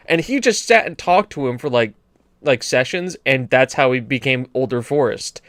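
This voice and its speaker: A man hosting a casual podcast chat, animated and quick to slip into mock accents. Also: mid-range voice, no echo, clean studio sound. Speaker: podcast host.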